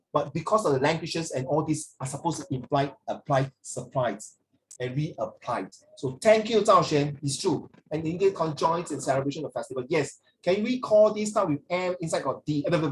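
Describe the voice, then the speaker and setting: This teacher's voice sits on the high side and is a little mellow. In a casual, talkative lesson he jumps from English to Mandarin within sentences and playfully teases the class. The audio is rough, with a little hiss or hum.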